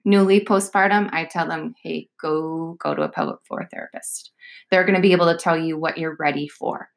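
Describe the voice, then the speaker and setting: Chatty woman coach, lowish voice. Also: lively intonation, a little fast, vocal fry. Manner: chatty, explains with many fillers. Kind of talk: casual podcast chat.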